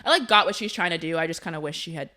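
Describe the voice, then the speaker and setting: A young woman hosting a casual podcast chat, telling stories in an animated, chatty way full of "like". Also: sits low, racing. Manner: chatty, animated storytelling with lots of "like". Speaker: podcast host.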